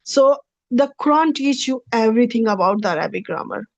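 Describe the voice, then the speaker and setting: This Arabic grammar teacher has a fairly high, lively voice with vocal fry, and she talks a bit fast through a recorded lecture over slides. Patiently, she restates each point in new words and says "okay" before continuing. The sound is dry and close, with no room noise.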